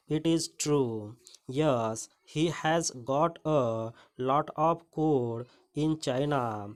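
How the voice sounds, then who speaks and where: A man reading a parliamentary speech aloud as slow shorthand dictation, in evenly phrased chunks with pauses between them. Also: on the high side. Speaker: dictation reader.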